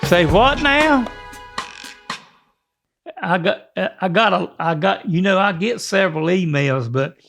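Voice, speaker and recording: An older man, co-hosting a podcast in a rambling, folksy way with halting restarts. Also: sits high, gravelly, a bit bright, soft background music. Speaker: podcast co-host. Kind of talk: casual podcast chat.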